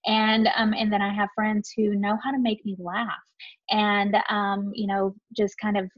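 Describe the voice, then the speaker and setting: A young adult woman, a married podcast guest, speaking thoughtfully and pausing often with "um". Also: mid-range voice, level tone, no room sound, muffled recording. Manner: thoughtful, with many "um"s. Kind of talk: casual conversation.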